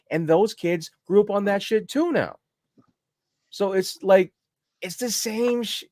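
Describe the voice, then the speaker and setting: A man's voice: high-pitched, a little mellow, no echo, clean studio sound. A man co-hosting a podcast, ranting heatedly and profanely in casual chat. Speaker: podcast co-host.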